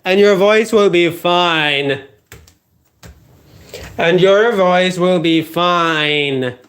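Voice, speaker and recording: A man's voice: sits high, slow, clear, resonant tone. A man hosting a live stream, rambling in a repetitive, emphatic, half-joking rant. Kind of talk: rambling casual monologue.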